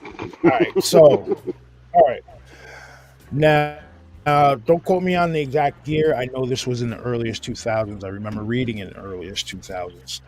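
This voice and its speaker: A man's voice: medium pitch, moderate pace, a little mellow. A man with a New York accent hosting a casual chat, telling a long story with restarts and cursing. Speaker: host.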